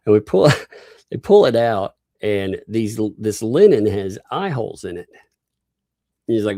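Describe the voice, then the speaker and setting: Male Southern host, low pitched, slow and self-assured, laughs freely, recorded dry. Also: big pitch swings, dark tone, no echo. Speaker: livestream host. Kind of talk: casual livestream commentary.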